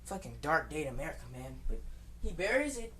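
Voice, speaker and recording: Low-pitched and very animated, this woman talks fast with a fairly bright tone on a low-quality recording. She improvises a fan story in casual, rambling speech packed with swearing and restarts. At points she snaps defiantly at her critics.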